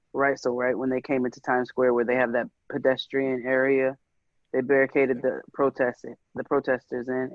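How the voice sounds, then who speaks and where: A man's voice: mid-range voice, dry recording. A man hosting a podcast, telling a story in an emphatic, heated way. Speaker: podcast host. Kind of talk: casual podcast conversation. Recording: dull lo-fi dry recording.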